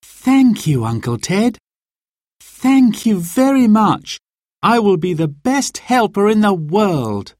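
Storybook little girl, eager to help, lifted high voice, as a man reads her. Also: big pitch swings, a little slow, few pauses, warm tone, no room sound, studio quality, heavily acted. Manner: keen, wistful then delighted.

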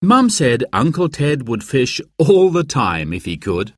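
Male narrator for a children's book, unhurried and highly expressive, dry studio sound. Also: no echo. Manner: slow, expressive, storyteller's lilt. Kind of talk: children's book read-aloud.

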